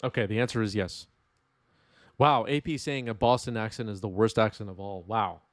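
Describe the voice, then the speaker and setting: A man's voice: lowish voice, normal speed, a little hiss or hum. A man with a New York accent commentating a live card game stream, wry and reading chat aloud.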